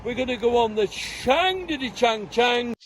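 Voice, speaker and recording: Brief: drunk man, very high voice, drawling slowly, giggly and sing-song. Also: animated, a little hiss or hum. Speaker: video subject. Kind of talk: casual filmed chat.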